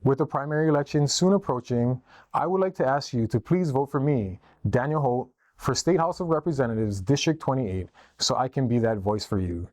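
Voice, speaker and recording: A man from Hawaii reads his prepared campaign message in a steady, formal delivery. His voice sits at an ordinary pitch and is recorded close and dry, with no room sound around it. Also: brisk, no echo. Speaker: political candidate. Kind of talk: read campaign statement.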